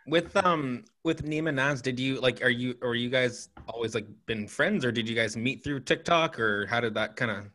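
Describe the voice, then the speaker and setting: A man's voice: mid-range voice, moderate pace, few pauses, sharp tone. Chatty male podcast co-host from Western Canada. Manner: hesitant, many restarts and "like". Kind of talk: casual podcast chat.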